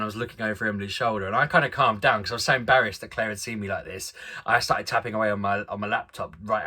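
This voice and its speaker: A man's voice: medium pitch, sharp tone, slightly rough. A man in his thirties, a father vlogging, telling a family story in a chatty, self-deprecating way with frequent laughs. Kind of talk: casual storytelling chat.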